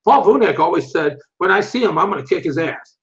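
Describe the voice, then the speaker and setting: An older man with a high-pitched voice tells animated stories in a casual interview. He acts out what other people said and swears freely. The recording sounds muffled and lo-fi. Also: fairly quick. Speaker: interview guest, martial arts instructor. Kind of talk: casual storytelling.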